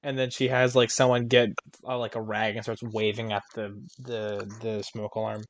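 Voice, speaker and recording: A man's voice: on the low side, flat delivery, moderate pace, a little hiss or hum. A young man co-hosting a podcast in casual chat, telling rambling stories full of fillers and restarts. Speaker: podcast co-host.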